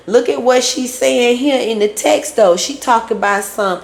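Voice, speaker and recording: Woman host recapping a reality show, slow drawl with gravel, plays both sides of each argument, roomy echo. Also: fairly high pitch. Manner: retells scenes acting out both sides, breaks into song. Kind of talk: casual recap commentary. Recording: echoey room.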